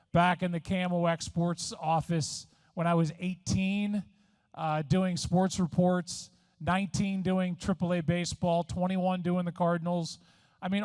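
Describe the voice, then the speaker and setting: A man's voice: fairly high pitch, a little mellow, smooth, no echo. Self-mocking man at a podium, dry sound. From Missouri. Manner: self-deprecating, conversational storytelling. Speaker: award honoree giving a speech. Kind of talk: after-dinner acceptance speech. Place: resort event room. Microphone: podium microphone.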